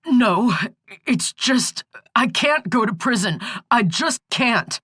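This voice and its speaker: A woman's voice: a little high, animated, takes it slowly, a bit bright, slightly rough, dry recording, voice pushed up, exaggerated voice. A woman voicing a panicking young man in jail, his voice quavering and close to tears. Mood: panicked. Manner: desperate, quavering, near tears.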